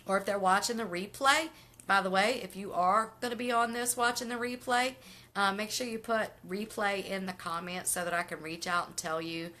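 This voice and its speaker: A woman's voice: fairly low pitch, pushed and bright. A middle-aged woman talking casually to viewers on a live stream, chatty and upbeat, reading out their comments as she goes. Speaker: vlogger doing a live stream.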